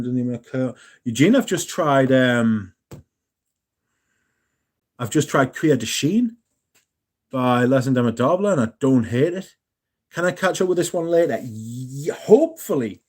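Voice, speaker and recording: A man's voice: mid-range voice, lively intonation, unhurried, pauses often, a little mellow. A young man hosting a casual live stream, chatting in a jokey way and reading out messages from the chat. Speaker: livestream host.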